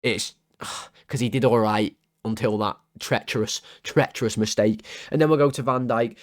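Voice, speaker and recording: A man, hosting a football fan channel and rating players in an exasperated, sarcastic rant full of comic exaggeration, his voice starting to go hoarse. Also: medium pitch, steady tone, normal speed, dry recording, studio quality.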